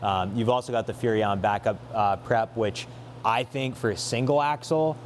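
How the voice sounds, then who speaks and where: A man's voice: fairly low pitch, moderate pace, slight background noise. A man hosting a casual walkthrough of a trailer, talking eagerly with lots of fillers and restarts. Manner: eager, filler-heavy, self-correcting. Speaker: dealership host showing a trailer.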